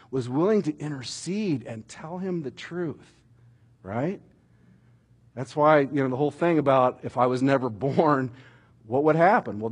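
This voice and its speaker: A middle-aged man preaching a sermon, telling stories with animated emphasis that rises toward shouting at dramatic moments. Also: on the high side, breathy edge. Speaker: pastor.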